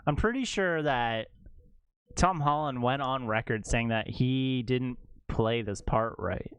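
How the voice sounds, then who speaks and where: A man streaming a game live, ranting in casual chat and leaping between low mutters and high exclaims. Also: slow pace, smooth, dry recording. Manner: animated ranting, jumps to high exclaims and laughs.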